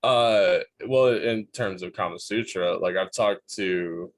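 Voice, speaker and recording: Chuckling, animated podcast co-host man. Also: deep voice, slow. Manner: laughing, animated storyteller. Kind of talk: casual podcast banter.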